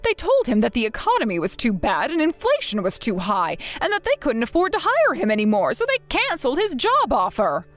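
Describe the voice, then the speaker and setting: A woman voicing a whiny, manipulative older mother who pleads and guilt-trips in an animated story. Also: fairly high pitch, fairly quick, few pauses, soft background music. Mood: self-pitying.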